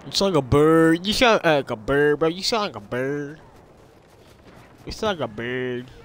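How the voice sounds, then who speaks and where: A young man casually commenting on his own gameplay, excitable and slangy, repeating lines and yelping when he gets attacked. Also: a little high, measured pace. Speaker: gamer.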